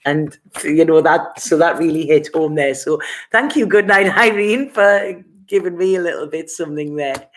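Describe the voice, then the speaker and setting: A woman's voice: sits low, normal speed. A woman giving a casual live-stream tarot reading, chatty and rambling, laughing often between thoughts. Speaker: tarot reader.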